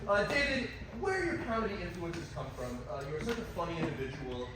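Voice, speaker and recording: A man hosting a live comedy talk show on a club stage, excitable and laughing as he interviews a guest. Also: fairly high pitch, a little fast. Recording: echoey room, far mic, loud noise.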